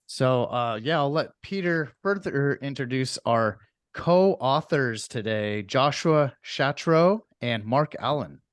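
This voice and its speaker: A man's voice: mid-range voice, animated, slow pace, clear, resonant tone, no echo, studio quality. A man opening a podcast episode, reading announcements in a loose way with many fillers. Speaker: podcast host. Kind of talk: casual podcast intro.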